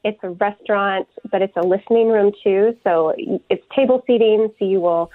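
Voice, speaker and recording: A woman's voice: medium pitch, moderate pace, no room sound. Woman musician on a tinny phone line. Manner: warm, reflective, many ums. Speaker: musician guest. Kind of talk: phone interview.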